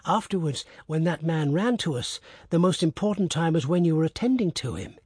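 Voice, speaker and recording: A man voicing a wise old male hermit who speaks gently and patiently in a storybook reading. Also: fairly high pitch, expressive, a little fast, breathy edge, dry recording, clean studio sound. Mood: explaining.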